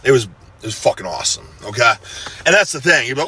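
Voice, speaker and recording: Husky, bright-voiced hype man. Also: medium pitch, lively intonation, fast talker. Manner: intense, profane, hype-man bravado. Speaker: fitness personality giving a personal message. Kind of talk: casual motivational pep talk.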